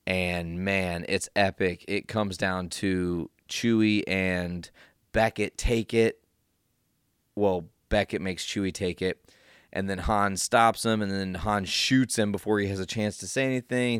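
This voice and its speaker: A man giving an excited, casual recap of a movie, full of swearing and filler words. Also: on the low side, measured pace, clear, resonant tone, no echo, studio quality. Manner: enthusiastic, swears often, lots of fillers. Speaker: film reviewer.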